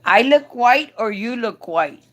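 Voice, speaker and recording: A woman's voice: a little high, lively intonation, unhurried, dull audio. A woman hosting a casual live stream, coaxing and doting as she talks to a man beside her.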